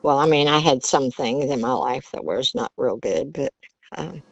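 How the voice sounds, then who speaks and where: An older woman, a Virginia grandmother, shares chatty childhood stories in an interview, laughing often and using Southern turns of phrase. Her low voice has vocal fry and lively intonation, and she talks at a normal speed. It's a dry recording that sounds a little dull.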